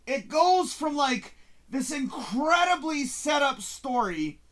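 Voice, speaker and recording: A man hosting a casual live-stream chat, talking through a movie he watched. His voice sits high for a man and swings widely in pitch. He is excitable and swears freely, acting out his own reactions as he goes. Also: slow pace. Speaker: host.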